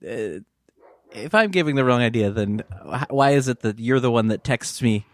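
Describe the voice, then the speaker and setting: A man bantering on a podcast in a halting, defensive way, with repeated stammers. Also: mid-range voice. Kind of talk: casual banter.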